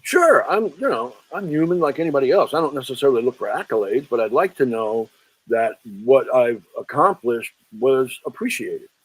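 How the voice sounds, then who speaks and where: A man's voice: moderate pace, breathy edge, no echo, low-quality recording. Chatty man telling anecdotes, dry sound. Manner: chatty, animated storyteller who quotes people in lowered voices. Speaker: author and film historian guest. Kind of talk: anecdotal interview storytelling.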